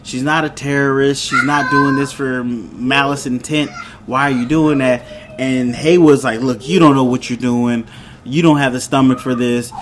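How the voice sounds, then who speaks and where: A man's voice: mid-range voice, fairly even intonation, moderate pace, noisy background. A man in his thirties casually recapping a TV episode, rambling and retelling scenes with quoted lines and chuckles. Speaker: show host reviewing a TV episode.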